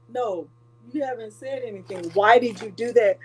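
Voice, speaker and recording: A woman's voice: fairly high pitch, normal speed, slightly rough. A woman with a Southern US accent hosting a casual crafting livestream, thinking aloud and joking with viewers. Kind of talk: casual live chat.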